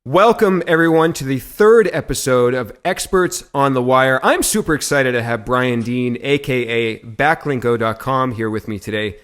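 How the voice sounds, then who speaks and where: A man's voice: mid-range voice, normal speed, few pauses, fairly bright tone. An upbeat man from Massachusetts hosting a marketing podcast, introducing the episode and chatting with his guest in a self-deprecating way. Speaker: podcast host.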